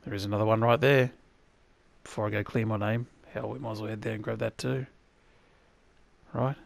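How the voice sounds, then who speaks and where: A man's voice: on the low side, little pitch movement, fairly quick, creaky, no echo. A man with an Australian accent hosting a let's-play, chatting and thinking aloud with sudden exclamations. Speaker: gaming channel host. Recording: loud game noise behind the voice.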